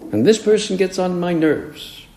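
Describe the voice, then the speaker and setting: Gravelly priest preaching in an echoey hall. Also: male voice, high-pitched, sing-song, moderate pace, mellow. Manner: conversational, acts out quoted voices. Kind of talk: homily. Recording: echoey hall with long reverb.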